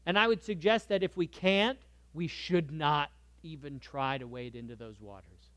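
A man preaching a sermon in a conversational way, moving between soft asides and lively emphasis. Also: fairly high pitch, moderate pace, no room sound. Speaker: pastor.

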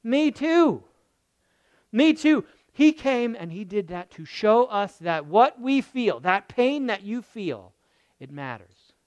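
Pastor mid-sermon; emphatic, repeats key phrases, swings loud to hushed; dry sound. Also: medium pitch, very animated, measured pace, no room sound. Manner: emphatic, swinging between loud bursts and soft murmurs.

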